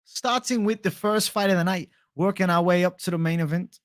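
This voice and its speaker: Earnest English fight-analysis host, measured and serious, as a man's impression. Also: high-pitched, no room sound, studio quality, voice pushed up, natural voice.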